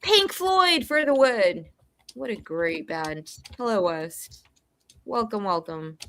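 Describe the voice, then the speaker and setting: A woman's voice: medium pitch, lively intonation, slow, sharp tone, slight background noise. A woman hosting a live stream, chatting casually and laughing often. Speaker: stream host.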